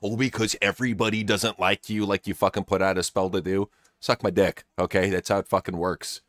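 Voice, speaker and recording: A man's voice: deep voice, little pitch movement, a little fast, fairly bright tone, no echo, clean studio sound. A man hosting a casual podcast, talking in a blunt, opinionated and profane way. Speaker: podcast host.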